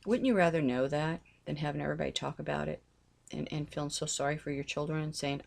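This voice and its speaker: A woman's voice: low voice, fairly even intonation, fast talker, gravelly, darkish tone. A middle-aged woman giving a heartfelt, earnest talk on faith, often repeating herself as she pleads with listeners. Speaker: religious vlogger.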